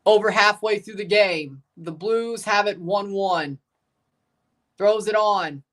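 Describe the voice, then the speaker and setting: Woman streamer reacting live to a hockey game; slow, easygoing commentary that spikes into shouts on goals. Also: mid-range voice. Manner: relaxed play-by-play that erupts into shouting on goals; answers chat questions between plays. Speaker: livestream host.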